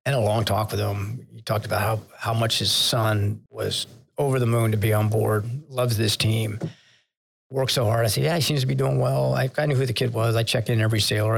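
A man's voice: lowish voice, flat delivery, a little fast, gravelly. An older man, a retired naval officer, telling candid leadership stories in an interview, laughing at himself and getting choked up. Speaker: retired vice admiral, podcast guest. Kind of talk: conversational storytelling interview.

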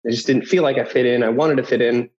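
A man in his thirties, a guest telling personal stories in an animated way, who often acts out the voices of people in his anecdotes. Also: medium pitch, quick pace. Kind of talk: personal storytelling. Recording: dull lo-fi audio.

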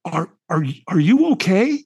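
A man voicing a calm, friendly male stranger who speaks in a reassuring, easygoing way. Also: high-pitched, normal speed, husky, exaggerated voice.

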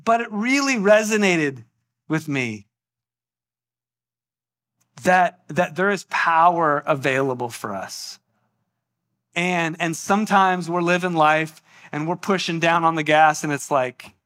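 Animated, high-voiced man preaching a sermon. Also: a little slow. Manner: animated storytelling, acts out voices. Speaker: pastor. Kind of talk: sermon with personal story.

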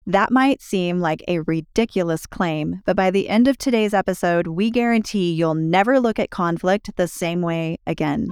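A middle-aged woman co-hosting a podcast in casual chat, bright and playful, slipping into a promotional tone at times. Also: lowish voice, normal speed, hardly any pauses, over music. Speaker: podcast co-host.

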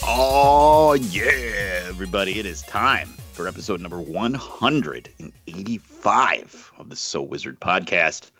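A man's voice: low-pitched, lively intonation, a little slow, few pauses, a bit bright, faint music behind. A man hosting a casual nerd podcast, introducing his co-hosts with upbeat, jokey patter. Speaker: podcast host.

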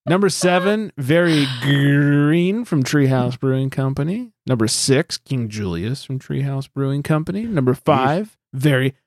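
A man's voice: medium pitch, a little slow, few pauses, a little mellow, no room sound. A man hosting a casual podcast, reading out a countdown list in a loose, joking, foul-mouthed way. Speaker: podcast host.

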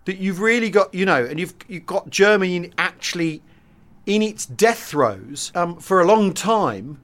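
A man co-hosting a relaxed history podcast. His voice sits a little high, and he talks in a loose, rambling way, restarting his sentences and filling the gaps with "you know" and "um". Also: measured pace. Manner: rambling, many restarts and fillers. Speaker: podcast co-host. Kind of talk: casual history chat.

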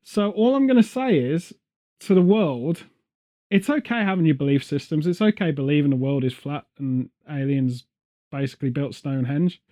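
A man in casual chat as a podcast co-host, ranting sarcastically and telling animated stories. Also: a little high, normal speed.

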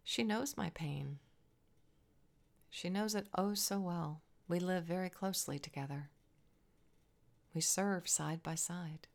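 A woman voicing a grieving, childless young wife who prays in a hushed, pained whisper. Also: fairly low pitch, slow, vocal fry, long pauses. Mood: hushed anguish.

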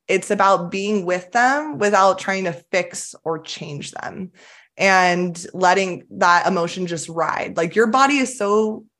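Upbeat woman therapist explaining warmly. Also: mid-range voice. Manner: earnest, upbeat, enthusiastic coaching tone. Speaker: somatic attachment therapist, guest. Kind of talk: casual explanatory interview talk.

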